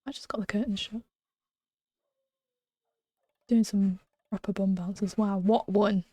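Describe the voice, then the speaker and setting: A young woman talks through a game on a live stream from a small room at home, chatty and quick to giggle. She often drops into a hushed whisper. Her pitch sits mid-range, and the close mic sounds dry with no room echo. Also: steady tone. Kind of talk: casual live-stream chat.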